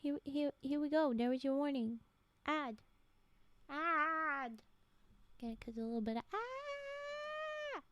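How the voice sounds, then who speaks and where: A woman chatting on her live stream between stories, rambling and giggly, often slipping into soft whispers. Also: high voice, measured pace, pauses often, highs cut off, noisy background. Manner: giggly, gushing. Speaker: streamer and story reader. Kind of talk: casual live-stream chat.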